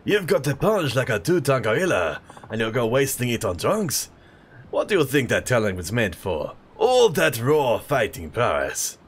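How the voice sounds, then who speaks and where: A man's voice: medium pitch, huge pitch swings, moderate pace, breathy edge. A man voicing an older male street brawler mentor with a put-on French accent, talking in a grandiose, lecturing way.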